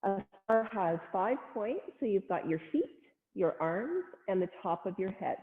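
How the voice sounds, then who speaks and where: A woman leading a family yoga class, cueing poses gently and playfully with little animal sounds. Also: medium pitch, very animated, unhurried, soft background music. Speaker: yoga instructor. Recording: phone-like sound in a long-echo room.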